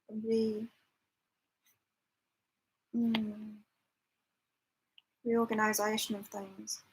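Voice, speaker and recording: Her pitch is fairly high and a bit bright, heard through a low-quality recording with a slight hiss or hum. She's a woman running a live psychic chat from temporary lodging away from home, laughing a lot, reading out comments and talking casually with her viewers.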